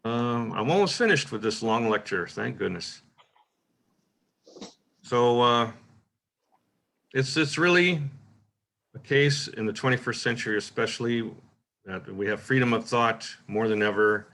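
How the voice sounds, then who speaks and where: A man hosting a poetry workshop, giving a relaxed, informal lecture and reading the same example line aloud in different ways. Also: mid-range voice, a little slow, creaky, long pauses. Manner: relaxed, thinking aloud with frequent "uh" and "right?".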